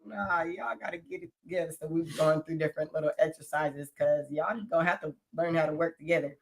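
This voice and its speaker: A woman co-hosting a casual talk stream, blunt and quick to laugh. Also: deep voice, steady tone, rough recording. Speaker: podcast co-host. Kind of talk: casual chat.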